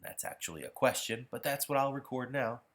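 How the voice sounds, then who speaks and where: Patient man demonstrating pronunciation software. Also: medium pitch, expressive, brisk. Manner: patient, explanatory, self-correcting. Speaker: pronunciation instructor.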